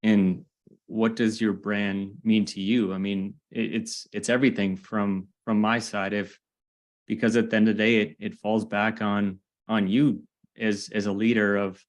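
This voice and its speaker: A man's voice: lowish voice, flat delivery, unhurried. A man hosting a podcast interview, asking long rambling questions with many restarts. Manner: chatty, restarts often. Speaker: podcast host. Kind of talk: casual interview.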